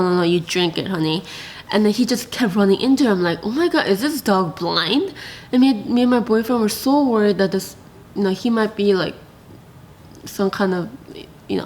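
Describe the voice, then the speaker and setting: A woman vlogger telling a personal story to the camera in a chatty, animated way, full of fillers and quoted asides. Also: mid-range voice, a little hiss or hum.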